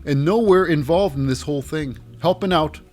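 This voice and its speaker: A man's voice: on the high side, moderate pace, soft background music. A man casually recapping a wrestling show, rambling with many fillers and self-corrections. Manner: rambling, filler-heavy, animated.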